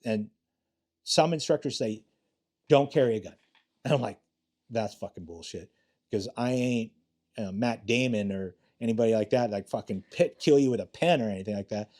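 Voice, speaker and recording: Speaking a little fast in a slightly mellow, mid-range voice, this retired homicide detective is a middle-aged podcast guest. In a casual interview he swears freely, tells his stories bluntly, and voices other people's quotes.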